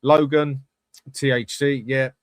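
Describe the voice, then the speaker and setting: A man's voice: medium pitch, level tone, slow pace, dry recording. A man hosting a live fan channel, chatting bluntly with viewers and swearing freely. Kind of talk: live-stream chat reading comments.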